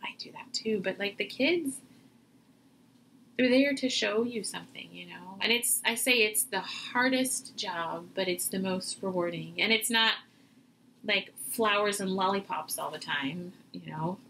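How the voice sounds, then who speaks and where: Lively mom chatting as a guest, bright voice, keeps acting out what people say. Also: female voice, mid-range voice, a little slow, vocal fry, a little hiss or hum, low-quality recording. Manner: animated, acts out quoted voices. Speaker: podcast guest; mother. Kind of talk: casual interview conversation.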